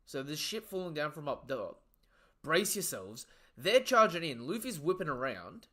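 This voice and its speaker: A man giving excited, profanity-laden live commentary while reading through a comic chapter and chatting to viewers. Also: fairly high pitch, normal speed. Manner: excitable, swears freely; reads the panels aloud as he goes. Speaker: live reaction streamer. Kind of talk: casual live reaction commentary.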